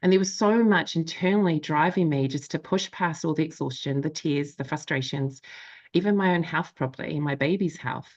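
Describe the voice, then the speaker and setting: Woman in her thirties, low voice, reflective confessional storyteller, slightly dull lo-fi sound. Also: moderate pace, a little mellow. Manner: reflective, confessional, many fillers and quoted inner voices. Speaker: life coach and show host. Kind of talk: candid personal storytelling to an audience.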